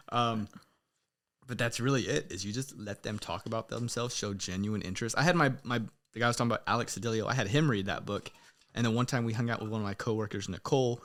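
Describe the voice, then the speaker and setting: Fast-talking bright young man hosting. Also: lowish voice. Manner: swears freely, laughs loudly. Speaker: podcast host. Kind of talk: casual chat.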